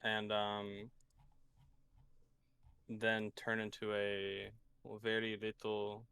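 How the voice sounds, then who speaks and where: A man's voice: lowish voice, monotone, creaky, bright, forceful tone, smooth. A man playing in a tabletop game, asking and declaring actions hesitantly. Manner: hesitant, halting questions. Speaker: player.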